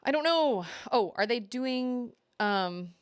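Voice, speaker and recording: A young woman streaming a video game, thinking out loud and often restarting her sentences with self-deprecating remarks. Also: a little high, expressive, takes it slowly, clean tone, no room sound. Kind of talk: live game stream chat.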